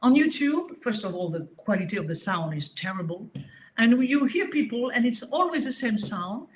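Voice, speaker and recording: A woman with a French accent, a harp teacher speaking in a casual interview, talking in an animated, emphatic way with frequent restarts. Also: a little high, a little hiss or hum.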